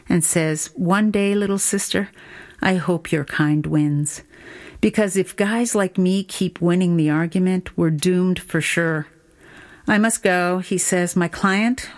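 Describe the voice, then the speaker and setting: A woman performing a spoken word poem in a measured, deliberate storytelling delivery. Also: on the low side. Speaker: poet. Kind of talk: spoken word poetry reading.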